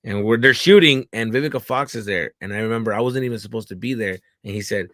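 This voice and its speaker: A man, a comedian guest, telling stories in an animated, profane way with many fillers. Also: fairly low pitch, fast, hardly any pauses, dry recording. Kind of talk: casual interview chat.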